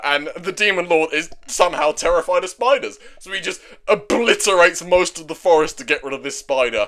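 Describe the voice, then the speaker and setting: A man's voice: fairly high pitch, fairly bright tone. A man casually recapping a story in an enthusiastic, rambling way, with lots of filler words. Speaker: manga recap video host.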